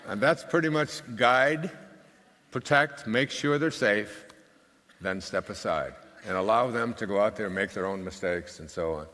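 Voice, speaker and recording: Older male speaker, deep low voice, casual rambling storyteller with dry wit, in a hall with long reverb. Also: normal speed, bright, forceful tone. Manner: rambling and conversational, many fillers, dry humor. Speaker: speaker at a live talk. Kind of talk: anecdotal storytelling talk. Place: stage at a live event.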